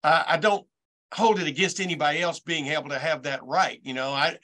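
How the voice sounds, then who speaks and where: A man's voice: on the high side, steady tone, fairly quick, sharp tone. A man in his sixties hosting a casual sports chat, folksy and rambling, stammering now and then as he frames his questions. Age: 60s. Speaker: host.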